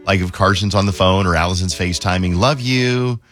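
A man's voice: deep voice, a little fast, fairly bright tone. A man hosting a radio talk show, chatting casually and joking, rambling with fillers and silly voices. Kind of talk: casual on-air chat.

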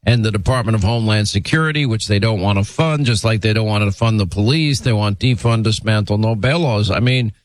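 Brisk talk radio host, dry sound. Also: male voice, lowish voice, no room sound. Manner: brisk, emphatic, scripted delivery. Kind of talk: talk radio monologue and interview.

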